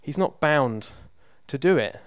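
Preacher with a smooth, resonant voice. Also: male voice, on the high side, animated, unhurried, no room sound. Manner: conversational, emphatic, repeats for emphasis. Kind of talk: sermon.

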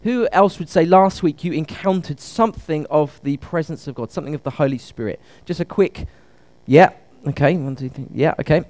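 A man's voice: fairly high pitch, moderate pace, few pauses, darkish tone. A man preaching a conversational sermon at a church service, asking the congregation questions.

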